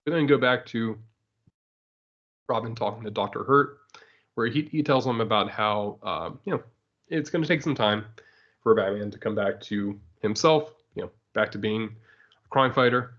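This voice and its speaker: A man's voice: fairly low pitch, normal speed, fairly bright tone, muffled recording. Laughing man in casual comics chat. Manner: laughs often, acts out characters in quoted asides. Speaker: comics podcast co-host.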